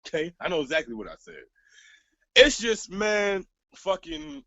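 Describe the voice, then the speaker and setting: A young man telling a story to the camera, casual and profane, sounding exasperated and animated. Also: sits high, unhurried, gravelly, dry recording. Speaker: vlogger. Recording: slightly dull, dry lo-fi sound.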